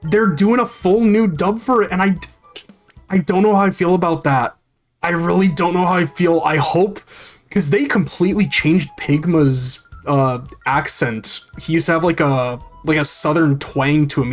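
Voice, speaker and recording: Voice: medium pitch, unhurried, soft background music. A game streamer chatting casually while playing, rambling and swearing freely as they read and answer chat.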